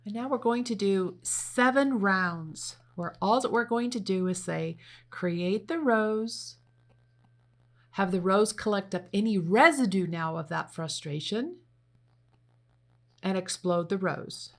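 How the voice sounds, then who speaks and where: A woman leading a guided meditation, giving slow, gentle spoken instructions. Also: mid-range voice. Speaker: meditation leader.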